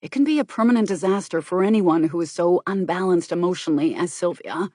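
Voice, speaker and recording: A grave, controlled man, read by a woman, talks in a measured, earnest way, quietly worried and gently persuasive. The voice sits low, recorded close and dry in an audiobook. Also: expressive, dry recording.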